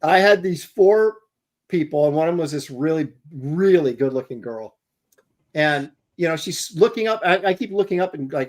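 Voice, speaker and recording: A man's voice: on the high side, animated, moderate pace, a little mellow. A man hosting a comics podcast, rambling through self-mocking convention stories in a casual chat. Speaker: comic artist podcast host.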